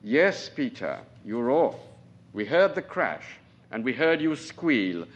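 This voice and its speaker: A man with a mid-range voice reads aloud slowly, his pitch swinging widely, and the audio sounds dull. He voices a stern, domineering aging colonel who talks down to his staff, clipped and scornful, with sudden sharp outbursts and a cutting edge.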